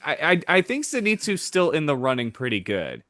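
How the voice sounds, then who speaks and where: A man co-hosting a podcast in casual chat, animated and often restarting his sentences. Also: fairly high pitch, fairly quick, no echo. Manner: animated, self-interrupting. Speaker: podcast co-host.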